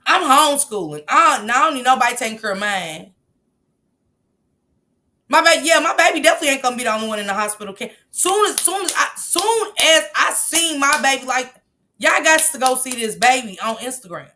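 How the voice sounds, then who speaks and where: A woman hosting a casual livestream, reacting emphatically to viewer comments, blunt and quick to laugh. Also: high voice, lively intonation, bright, forceful tone, a little hiss or hum. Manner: laughs often, blunt and profane. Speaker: livestream host reading viewer chat.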